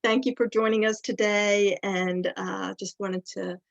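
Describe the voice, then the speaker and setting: A woman leading a spiritual service over a video call, speaking gently and soothingly with soft sighs, and reciting an affirmative prayer. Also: medium pitch, fairly even intonation, a little slow, gravelly, dry recording. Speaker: service leader at a spiritual center. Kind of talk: opening remarks and affirmative prayer. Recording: slightly muffled video call audio.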